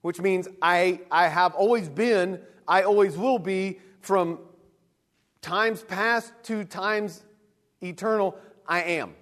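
A man in his thirties preaching a sermon in an animated way, acting out quick voices for God and people. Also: high voice. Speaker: pastor. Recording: long reverb of a hall.

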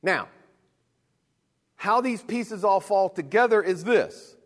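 A man in his thirties preaching a sermon in an animated way, acting out quick voices for God and people. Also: high-pitched. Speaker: pastor. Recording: long reverb of a hall.

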